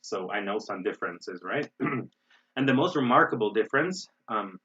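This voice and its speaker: American man, English teacher, online lesson, halting explanations, husky, dull lo-fi sound. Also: on the low side, animated, bright, forceful tone. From United States. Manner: explanatory, with many fillers and restarts.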